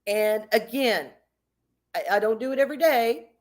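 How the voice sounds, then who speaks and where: A woman's voice: a little high, expressive, normal speed, a little mellow. A woman streamer chatting casually and reading out her viewers' comments, candid and emphatic, swearing freely. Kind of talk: casual livestream chat.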